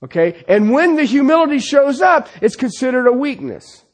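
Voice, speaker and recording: Lively high-voiced male preacher. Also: moderate pace. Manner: peppers his points with rhetorical questions and "okay?". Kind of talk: sermon.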